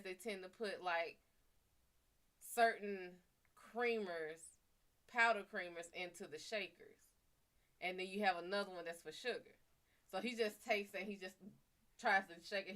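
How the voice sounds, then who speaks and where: Female stream host, crisp bright tone, casual cursing storyteller who talks straight to the chat. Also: mid-range voice. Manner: profane, chatty, talks to viewers. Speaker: livestream host.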